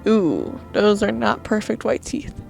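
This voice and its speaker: A woman's voice: medium pitch, expressive, a little slow, vocal fry, darkish tone, soft background music. A woman gamer giving nervous, jumpy commentary while playing a horror game, talking to herself.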